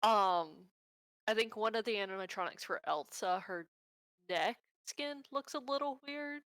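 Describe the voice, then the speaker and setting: A woman's voice: mid-range voice, unhurried, a bit bright, dry recording. A woman in a casual podcast chat making dry, teasing remarks.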